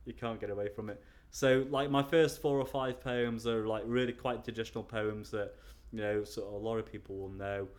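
A man's voice: fairly low pitch, little pitch movement, moderate pace, hardly any pauses. A man answering interview questions in a casual, hesitant way, often restarting and laughing at himself. He is from England. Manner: hesitant, restarts often, chuckles self-consciously. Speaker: interview guest.

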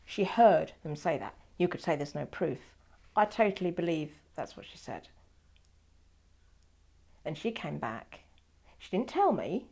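A woman's voice: low-pitched, very animated, unhurried, vocal fry, darkish tone, husky. An older woman telling her life story in an oral history interview, wry and digressive, often correcting herself mid-sentence.

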